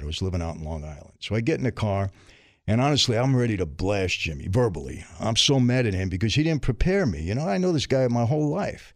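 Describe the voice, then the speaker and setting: Middle-aged New man, low voice, streetwise storyteller, dry studio sound. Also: expressive, fast talker, dry recording. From New York. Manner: streetwise, vivid, acts out dialogue. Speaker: interview guest. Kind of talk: candid storytelling.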